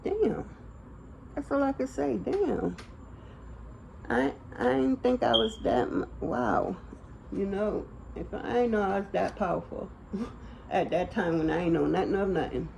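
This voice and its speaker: A woman's voice: mid-range voice, vocal fry, darkish tone, a little hiss or hum, rough recording. A young woman giving a casual tarot reading, blunt and slangy, talking straight to the viewer. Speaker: tarot reader.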